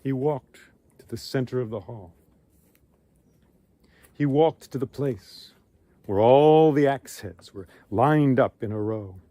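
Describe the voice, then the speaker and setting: Dude telling an old myth outside, dramatic, speeds up and slows down, dry sound. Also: male voice, medium pitch, mellow, no echo. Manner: dramatic, shifting pace and volume. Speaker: storyteller. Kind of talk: oral storytelling of myth. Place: outdoors among ruins.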